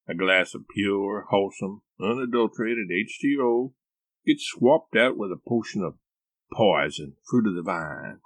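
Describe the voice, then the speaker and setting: A man's voice: lowish voice, unhurried, a bit bright, dry recording. A man voicing a paranoid, grandiose eccentric husband who talks in a pompous, grandiloquent way. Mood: grave.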